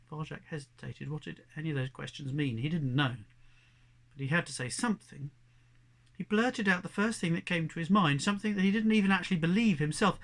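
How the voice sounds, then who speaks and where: A man reading a children's novel aloud as narrator, measured and expressive. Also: fairly high pitch, vocal fry. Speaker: audiobook narrator. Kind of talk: storybook narration.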